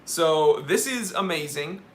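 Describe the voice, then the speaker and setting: A man's voice: on the high side, lively intonation, slow pace, slight background noise. A young man hosting a live watch Q&A stream, reading viewer questions and giving candid, joking opinions.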